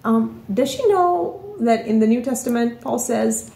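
A woman's voice: a little high, lively intonation, a little slow, creaky, mellow. A woman telling a story in a casual vlog, chatty, often asking "right?" and "you know". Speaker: author and vlogger. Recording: roomy echoey room.

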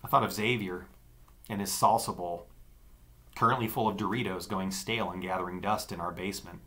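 A man narrating an audiobook in an expressive storytelling manner. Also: sits low, a little fast.

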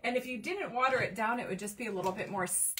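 A woman's voice: on the high side, fast, recorded from a distance, noisy background. A woman hosting a casual craft live stream from her home craft room, chatting with viewers and reading their comments aloud while she works, with lots of fillers. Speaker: livestream craft host.

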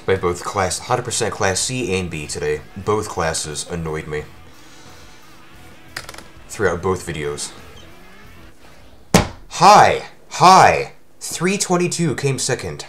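A man giving live commentary over his own speedrun, his voice worn from shouting, talking at the game in exasperated outbursts. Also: deep voice, lively intonation, slow pace, faint music behind.

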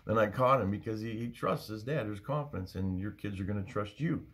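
A man's voice: fairly low pitch, fairly quick, fairly bright tone. A middle-aged man teaching a Bible study in an earnest, conversational way, often repeating phrases for emphasis.

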